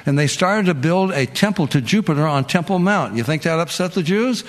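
A man's voice: on the high side, lively intonation, brisk, long reverb tail. A man giving an emphatic Bible lecture, asking his listeners questions and answering them himself. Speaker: Bible teacher. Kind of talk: sermon-style Bible lecture.

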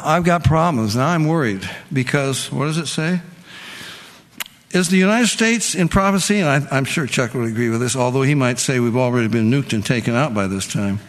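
A man's voice: mid-range voice, long reverb tail. A man giving an emphatic Bible lecture, asking his listeners questions and answering them himself. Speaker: Bible teacher. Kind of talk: sermon-style Bible lecture.

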